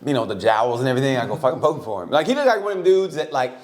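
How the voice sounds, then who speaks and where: A man's voice: mid-range voice, very fast. A man co-hosting a casual comedy podcast, telling stories with lots of laughter and acting out the voices of the people he quotes. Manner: animated storyteller, acts out quoted voices, laughs often. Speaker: podcast co-host.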